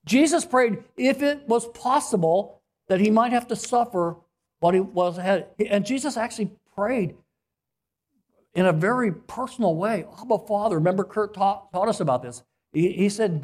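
A man preaching a sermon as pastor, earnest, repeating phrases and often clearing his throat. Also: high voice, darkish tone.

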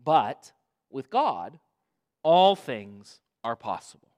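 Male pastor preaching, lively rising and falling pitch, dramatic emphasis, repeated phrases. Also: slow. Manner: dramatic, swings from hushed to loud emphasis. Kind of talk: sermon.

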